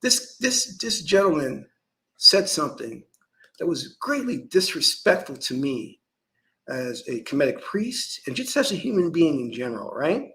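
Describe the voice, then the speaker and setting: A man's voice: fairly high pitch, very animated, unhurried, fairly bright tone, rough recording. A man who is a Kemetic priest, giving an emphatic, preachy spiritual lecture full of restarts.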